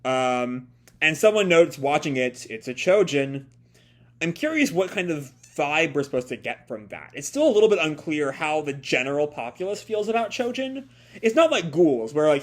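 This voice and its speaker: A man reading a comic aloud and reacting to it in casual, rambling chat full of fillers and laughs. His voice is slightly high and very animated in pitch. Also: moderate pace. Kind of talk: casual live reading and commentary.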